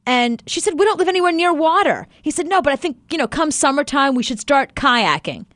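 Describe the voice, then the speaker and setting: A woman's voice: high-pitched, a little fast, no echo, studio quality. A woman hosting a radio talk show, chatting casually and laughing often as she tells stories. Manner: animated storyteller, laughs often.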